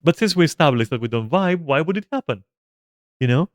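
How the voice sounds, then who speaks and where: A man streaming a game, telling a story casually, animated and profane, with lots of fillers and restarts. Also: fairly high pitch, brisk, no echo, clean studio sound. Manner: animated, profane, frequent fillers and self-interruptions; chats to viewers and a pet between stories.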